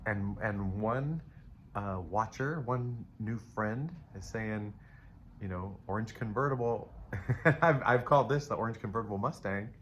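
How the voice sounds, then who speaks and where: A man's voice: fairly low pitch, a little slow, fairly bright tone. Laid-back man doing a rambling tarot reading. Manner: rambling, playful, upbeat, talks to viewers as baby. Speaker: tarot reader. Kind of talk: casual live tarot reading. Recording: faint ambient noise.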